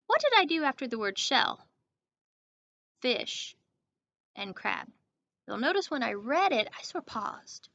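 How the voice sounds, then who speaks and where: A woman teacher giving a grammar lesson to young children, speaking slowly and clearly and checking in with "okay?". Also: high-pitched, very animated, pushed and bright. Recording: dull lo-fi recording.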